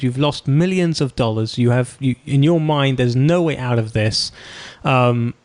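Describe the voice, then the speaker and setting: Male podcast host, mid-pitched voice, chatty and enthusiastic interviewer. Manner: chatty, enthusiastic, frequent reactions. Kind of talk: conversational interview.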